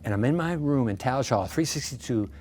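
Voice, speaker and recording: A pastor in his sixties, guest in an interview, telling stories in a lively way with self-deprecating humor. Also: mid-range voice, brisk, a little hiss or hum. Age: 60s. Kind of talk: storytelling in a casual interview.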